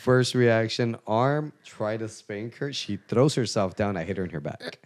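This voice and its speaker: A man's voice: lowish voice, unhurried. A man hosting a podcast, talking candidly in a casual, confessional way and laughing easily. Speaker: podcast host.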